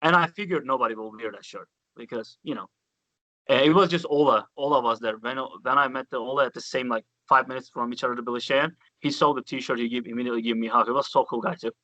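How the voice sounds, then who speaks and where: A man, a guest bassist, chatting casually and telling rambling stories with many restarts. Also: quick pace, bright, forceful tone, no room sound, highs cut off. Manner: rambling anecdotes full of restarts, "dude" and "man". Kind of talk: casual chat.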